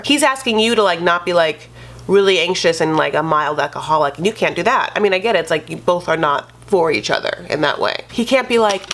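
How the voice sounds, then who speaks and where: A woman's voice: mid-range voice, animated, normal speed, a bit bright. A woman recapping reality television in a sassy, gossipy, casual commentary style. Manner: sassy, gossipy, says "honey" and "like" constantly.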